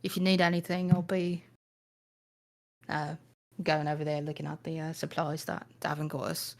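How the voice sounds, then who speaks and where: A woman's voice: deep voice, level tone, moderate pace. A woman voicing a kind, tall male fey healer in a tabletop game, friendly and offhand.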